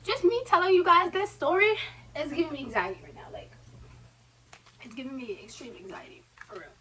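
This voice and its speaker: A young woman vlogger telling a personal story in a casual, slangy, animated way, with quoted asides. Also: high voice, a little fast, far from the mic, slight background noise, low-quality recording.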